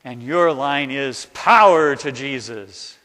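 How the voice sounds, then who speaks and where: A man, a pastor, leads an interactive chapel talk, coaxing listeners in an animated way to act out the story. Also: mid-range voice, slow. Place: large chapel. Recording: reverberant hall sound.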